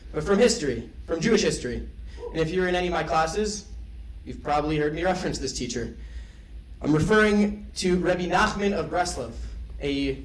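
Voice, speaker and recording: A young man giving a graduation speech as valedictorian, wry and playful, then reflective. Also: sits high. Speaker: valedictorian speaker. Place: large ceremony hall. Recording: roomy hall sound from a distant mic.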